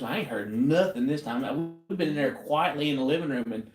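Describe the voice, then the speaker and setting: A man's voice: medium pitch, quick pace, roomy sound. A man dropping in on his wife's craft stream, teasing and playfully interrupting her.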